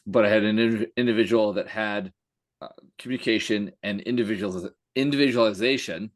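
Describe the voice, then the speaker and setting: A male coach speaking hesitantly in a casual podcast chat, with many fillers and self-corrections. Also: on the low side.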